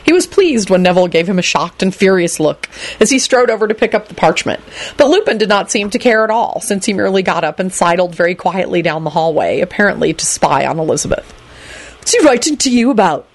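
A woman reading a story aloud in an animated storytelling manner. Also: on the low side, fast talker. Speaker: reader. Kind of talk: reading fan fiction aloud.

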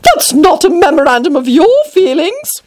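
A woman voicing the White Queen, a fussy, breathless old storybook queen who speaks in shrill, panting exclamations. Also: sing-song, normal speed, darkish tone. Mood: flustered.

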